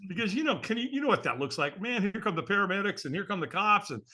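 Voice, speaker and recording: Male guest telling a candid personal story; bright, slightly high voice, earnest delivery. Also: animated, fast. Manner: earnest, candid, often adds "man".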